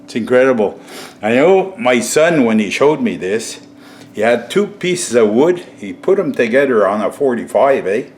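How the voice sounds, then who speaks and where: A middle-aged DIY vlogger with a mid-range, darkish voice shows off a home repair in a casual demo, speaking at normal speed with lots of animation. He chuckles often and chats with viewers, calling them "folks," over slight background noise.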